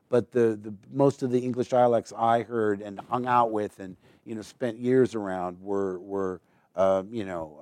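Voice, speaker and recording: A man's voice: lowish voice, a little mellow, no room sound. Rambling man telling stories, dry sound. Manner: rambling, digressive storyteller; slips into mimicked accents. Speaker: guest actor. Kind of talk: live on-stage conversation. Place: stage before a live audience.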